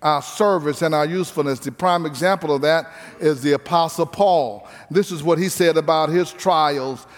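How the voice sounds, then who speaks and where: A man's voice: fairly high pitch, moderate pace, few pauses. A man preaching a sermon as pastor, stressing his points by repeating key phrases. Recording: reverberant hall with faint music.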